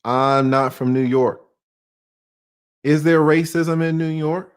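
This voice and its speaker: A man's voice: on the high side, fairly even intonation, slow pace, clean tone. Southern man in his forties giving his opinion. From Atlanta, US South. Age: 40s. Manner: conversational, poses rhetorical questions, uses slang. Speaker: online commentator. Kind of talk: casual monologue commentary.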